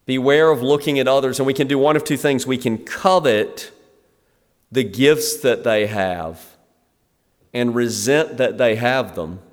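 Brief: middle-aged man, pastor, conversational sermon delivery, mid pitch, long church-hall reverb. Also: unhurried. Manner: conversational, acts out the scene in lively quoted asides. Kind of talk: expository sermon.

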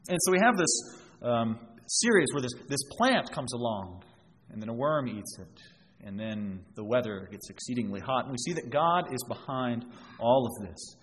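A man's voice: medium pitch, animated, moderate pace, a bit bright. A man preaching a sermon, explaining scripture verse by verse and drawing out everyday examples. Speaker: pastor. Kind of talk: expository sermon. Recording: long reverb, faint background noise.

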